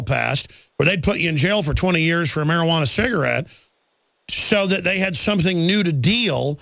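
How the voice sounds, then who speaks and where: A man's voice: a little high, gravelly, a bit bright, no echo. A man hosting a talk radio show, speaking in an emphatic, ranting way. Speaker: radio host.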